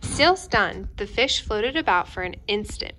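A young woman, a teacher, reading a picture book aloud to children indoors in a gentle, expressive way, speaking to the kids directly. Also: medium pitch, a little slow, slight background noise. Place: indoors at home.

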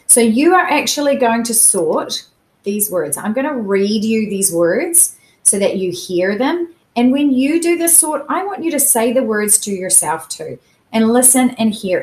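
A woman teacher giving a recorded phonics lesson to children, sounding out vowel sounds slowly and carefully. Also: mid-range voice, a little mellow. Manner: slow, careful enunciation of sounds. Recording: echoey room.

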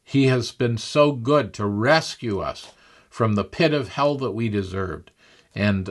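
A man preacher telling a devotional story in an earnest manner, chuckling as he goes. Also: fairly low pitch.

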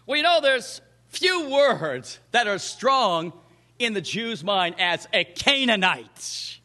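Man, preacher, sermon, high voice, lively pitch. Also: takes it slowly. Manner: animated, acts out the quoted voices in the scripture story.

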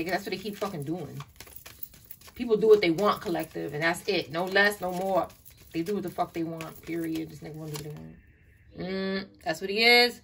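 An exasperated woman reads tarot online, swearing bluntly and repeatedly calling her listener "child." Her medium-pitched voice is a bit bright with a breathy edge, and the distant mic adds faint noise and clicks.

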